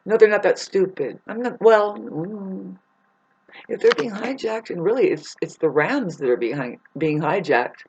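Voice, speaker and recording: A woman's voice: medium pitch, lively intonation, a little slow, a little mellow, slight background noise. A woman in a rambling, profane spiritual monologue, laughing often as she talks. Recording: muffled lo-fi recording.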